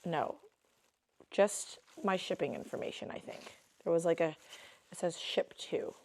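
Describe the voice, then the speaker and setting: A woman's voice: lowish voice, unhurried, slight background noise. Gushing young woman unboxing jewelry. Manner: gushing, squealing bursts of excitement; chatty, rambling. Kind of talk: casual unboxing vlog.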